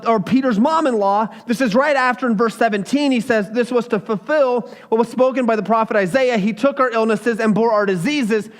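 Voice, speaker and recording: A young man with a very high voice is preaching. His delivery is loose and conversational, and he slips into little acted voices when he quotes someone. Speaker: pastor. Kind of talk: sermon.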